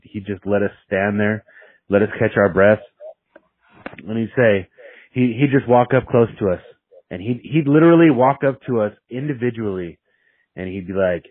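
A man's voice: medium pitch, husky, dry recording. A young man casually telling a story with heavy swearing, rambling and restarting his sentences, heard over a dry, tinny, phone-like recording.

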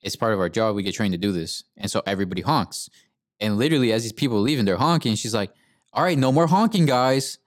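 Young male podcast host, low-pitched, laid-back and cussing, dry room. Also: fast, no room sound. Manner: profane, laid-back, says "bro" often. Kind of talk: casual storytelling rant.

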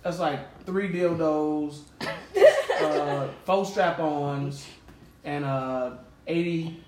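A man's voice: a little high, big pitch swings, drawn-out words, background noise. A man co-hosting a casual comedic chat about odd news, joking, cursing and laughing often. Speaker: co-host.

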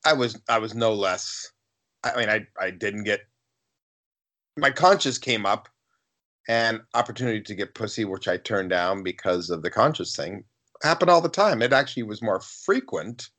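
A man's voice: fairly low pitch, lively intonation, moderate pace, fairly bright tone. A man co-hosting a podcast, speaking in a loose, conversational way. He is blunt and swears freely, and he drifts into stories from his own life. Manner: blunt and profane, tells anecdotes. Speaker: podcast co-host. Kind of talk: casual chat.

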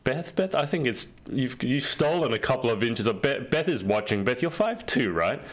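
A man's voice: medium pitch, sing-song, moderate pace, lo-fi sound. A man hosting a live online interview over a video call, chatty and teasing. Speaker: host.

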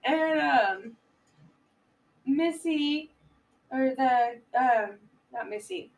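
A woman casually retelling a film plot on a podcast, laughing often and jumping into loud voices for the characters. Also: high-pitched, extremely slow, far from the mic, muffled recording. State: giggly, a bit high. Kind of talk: casual chat.

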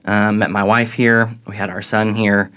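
A young man from Southern Illinois with a Midwestern accent and a low voice talks easily as a podcast guest. He tells his story in a relaxed, self-deprecating way. He pauses on "um" as he goes. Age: young adult. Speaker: associate pastor, podcast guest. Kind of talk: casual conversational storytelling.

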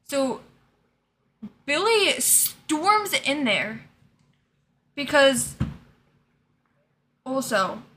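A young woman with a bright, fairly high voice chats casually as a podcast co-host. She retells scenes with lively energy and acts out the characters' lines. A faint hiss of room noise sits behind her voice. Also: drawn-out words, long pauses. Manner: animated retelling, acting out scenes. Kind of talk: casual chat.

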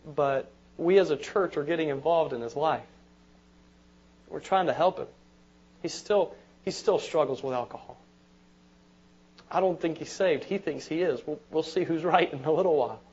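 A man's voice: on the high side, moderate pace, darkish tone. A man preaching a sermon as pastor, conversational, repeating words and asking the congregation "amen?". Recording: dull lo-fi sermon recording.

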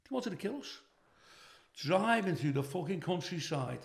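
A man's voice: high-pitched, big pitch swings, normal speed, gravelly, roomy sound. An older man with a Liverpool accent, a comedian telling brash, profane stories in a casual interview. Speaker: comedian, guest.

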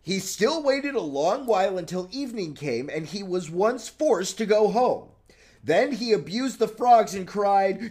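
A young man with a high, very lively voice reads an old fairy tale to a friend on a casual podcast. He swoops up into exaggerated, shouted voices for angry peasants and croaking frogs, then drops back into chatty asides. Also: unhurried. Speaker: podcast host reading fairy tales. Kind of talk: casual comedic podcast chat with dramatic story reading.

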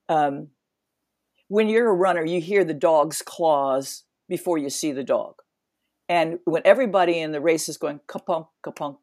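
A woman's voice: low voice, a little mellow, no room sound, clean studio sound. A woman in her seventies, an interview guest, telling a story vividly, acting out scenes with sound effects and many restarts. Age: 70s.

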